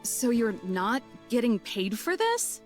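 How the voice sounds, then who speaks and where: A woman voicing a dry, no-nonsense park ranger in a visual novel, curt and deadpan. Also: fairly high pitch, slow, soft background music.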